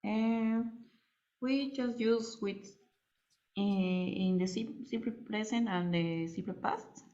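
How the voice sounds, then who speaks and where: A woman's voice: medium pitch, slow, mellow, muffled recording. A woman student asking a hesitant question during an online lesson.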